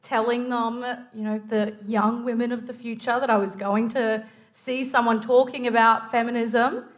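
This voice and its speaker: An Australian woman from the audience answering the host in a hesitant, unhurried way. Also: on the high side, level tone. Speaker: audience member. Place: live theatre audience.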